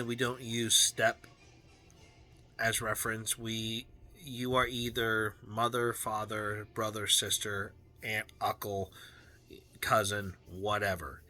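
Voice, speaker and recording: A man speaking to camera in a personal video journal, slow and unhurried, often breaking off and restarting his sentences. His voice is strikingly bright and sharp. His manner is earnest and heartfelt, over faint background music. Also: mid-range voice. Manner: halting, with frequent restarts and fillers. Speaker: vlogger.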